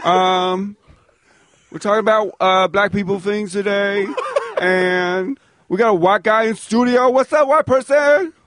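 A man's voice: high voice, very animated, takes it slowly, pauses often, exaggerated voice. A man putting on a brash swaggering character voice. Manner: exaggerated put-on caricature voice, swaggering greetings. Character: brash loud-mouthed male podcast character. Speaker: co-host. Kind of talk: comedy podcast bit.

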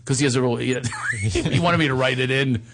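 A man telling a wild story in animated fashion, laughing as he goes. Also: medium pitch, moderate pace, noisy background. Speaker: actor and filmmaker telling a story. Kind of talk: casual anecdote.

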